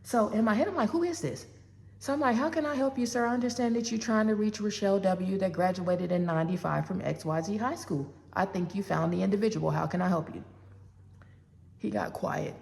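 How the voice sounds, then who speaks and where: A gravelly-voiced woman in her forties tells a personal story in a loose, chatty way and plays out both sides of a phone call. She turns to her listeners often. Her voice rings with a long reverb. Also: medium pitch, normal speed. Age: 40s. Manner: animated, acts out both sides of a phone call, talks straight to the audience.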